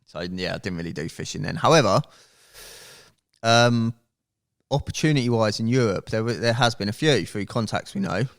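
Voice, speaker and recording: Casting note: bloke, lowish voice, swearing, animated storytelling as a podcast guest. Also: male voice, normal speed. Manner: animated, swears freely, laughs as he tells it. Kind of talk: casual storytelling.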